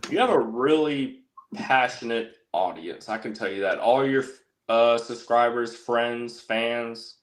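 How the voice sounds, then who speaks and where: A man's voice: mid-range voice, a little slow. A man chatting casually as a guest on a livestream, rambling and joking, often correcting himself. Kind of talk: casual chat.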